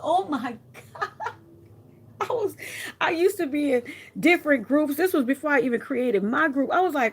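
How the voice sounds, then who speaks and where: A woman crafter chatting casually to her viewers, telling stories in a lively, animated way with frequent laughs and asides. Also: fairly high pitch, a little fast. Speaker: craft vlogger.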